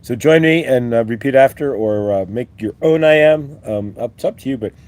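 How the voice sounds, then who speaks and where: A man's voice: mid-range voice, brisk, a little mellow. A man hosting a live-stream spiritual talk, rambling and upbeat as he leads repeat-after-me affirmations. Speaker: host.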